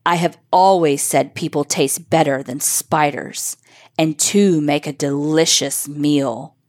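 A woman voicing a huge talking lion that eats trespassers, speaking slowly and menacingly. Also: lowish voice, close to an everyday voice. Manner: slow, menacing, roaring. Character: huge man-eating talking lion, fierce and hungry.

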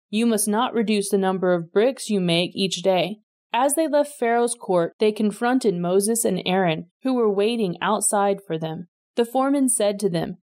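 In a mid-range voice, a woman acting as scripture reader reads a Bible passage aloud at a steady, measured pace.

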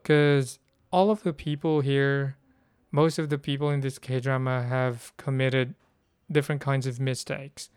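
A man's voice: medium pitch, flat delivery, measured pace, a little mellow, smooth, dry recording. A man from the Philippines, hosting a casual solo podcast and thinking aloud with many fillers. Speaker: podcast host.

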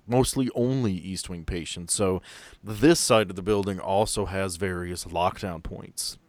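A man narrating as game master for a tabletop game, setting scenes in an unhurried, descriptive way. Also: on the low side, no room sound.

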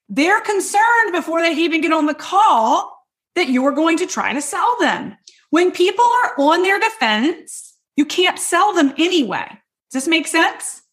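A woman with a high voice teaches sales skills with loud, hyped-up energy. She speaks emphatically and keeps turning to her listeners, asking if it makes sense, in an upbeat coaching style. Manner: loud and hypey; quick, emphatic, addresses listeners directly.

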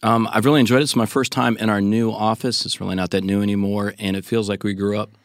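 A man's voice: lowish voice, level tone, fast, no room sound. Upbeat male podcast host, dry sound. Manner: upbeat, joking, reads headlines aloud. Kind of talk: casual news podcast chat. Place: studio office.

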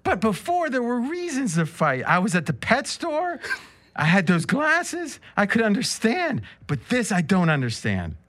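A man voicing a soft-spoken, whispery wife who pleads with her husband, in a comic podcast reading. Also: high voice, huge pitch swings, a little slow, pitched above the performer's own voice, exaggerated voice. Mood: pleading.

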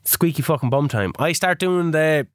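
Sweary man, higher voice. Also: normal speed, no room sound, clean studio sound. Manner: rambling, sweary, excitable storytelling. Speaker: podcast host. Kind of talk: casual gaming podcast chat.

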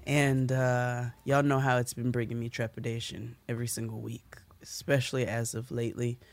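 A woman co-hosting a podcast in casual chat, playful and quick to laugh. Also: rumbling low, flat delivery, soft background music. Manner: playful, laughs often, drawls out fun words. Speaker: podcast co-host.

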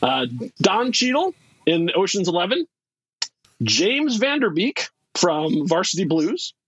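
A man co-hosting a casual movie podcast, talking in an animated way, laughing often and restarting his sentences. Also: sits high, slow pace, slightly rough, no echo, dull audio. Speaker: podcast co-host. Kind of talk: casual chat.

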